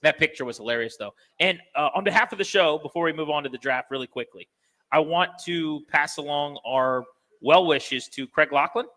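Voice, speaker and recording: A man's voice: on the high side, brisk, sharp tone, big-room sound. An American man hosting a sports radio show in a chatty, joking way.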